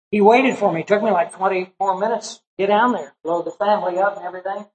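A middle-aged pastor shares a personal story in a sermon, his voice sitting high and a little fast on a low-quality recording. His folksy, conversational telling includes acting out the people he quotes.

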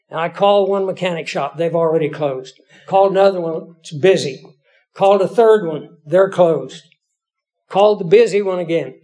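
A man's voice: high voice, a little mellow. A middle-aged man, a pastor, telling a personal story in a sermon. He speaks in a folksy, conversational and self-deprecating way.

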